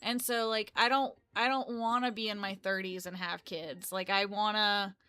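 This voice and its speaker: A woman's voice: mid-range voice, fairly even intonation, moderate pace, sharp tone, clear, resonant tone, no echo. A woman in her twenties chatting casually on a live stream, rambling and correcting herself as she goes. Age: 20s. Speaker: live streamer and game developer.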